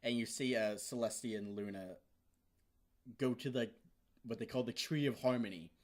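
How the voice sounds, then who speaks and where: A young man excitedly recapping a cartoon episode in a rambling, casual way, swearing often and now and then bursting into loud shouts. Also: mid-range voice, moderate pace. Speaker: vlogger.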